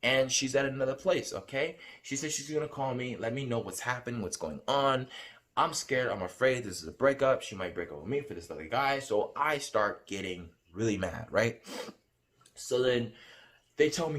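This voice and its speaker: A man's voice: animated, moderate pace, a bit bright. A man telling about a dream in casual spoken storytelling, earnest and rambling, repeating himself. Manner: hums a tune with rising pitch. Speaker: vlogger recounting a dream.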